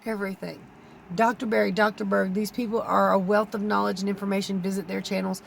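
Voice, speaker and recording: Tearful gravelly woman pleading. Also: medium pitch, level tone, fast, a little hiss or hum. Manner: pleading, earnest, close to tears. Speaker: keto vlogger. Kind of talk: emotional vlog talk to camera.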